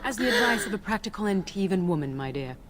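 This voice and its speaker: An actress voicing a poised noble wife who speaks formally with dry wit. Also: female voice, medium pitch, animated, quick pace, a crowd in the background, natural voice. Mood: wry. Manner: formal, wry. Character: poised noble wife from abroad, dryly witty.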